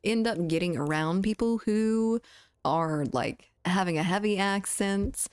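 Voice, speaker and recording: A woman's voice: mid-range voice, unhurried, clear, resonant tone, dry recording. A woman from the southern United States with a mild Southern accent, chatting casually with her chat while streaming a game and often laughing.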